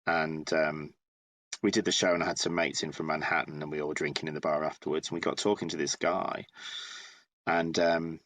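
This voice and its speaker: A man of around fifty from northeast England, telling a story in a casual, animated interview as a guest playwright. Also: very deep voice, brisk, no room sound. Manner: animated, chatty, many restarts.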